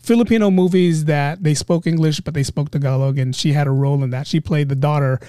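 Podcast host, male, dark mellow tone, dry close sound, chatty and eager. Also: fairly high pitch, fairly even intonation, brisk, dry recording. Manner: chatty, enthusiastic, many fillers. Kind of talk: casual interview chat.

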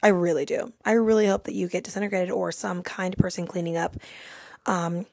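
Giggly young woman with gravelly fry. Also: lowish voice, steady tone, brisk, a little mellow, no room sound, clean studio sound. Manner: laughing through a funny story. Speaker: podcast host. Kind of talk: casual storytelling.

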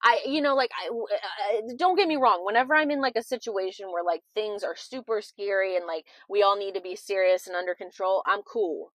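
A young woman hosting a podcast in a casual confessional chat, dramatic and expressive, swearing freely. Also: mid-range voice, brisk, few pauses, no room sound. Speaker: podcast host.

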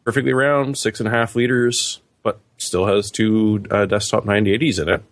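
Low-voiced man reading off tech news. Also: steady tone, moderate pace, no echo. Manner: dry joking, runs through product specs. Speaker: podcast host. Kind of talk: casual tech chat.

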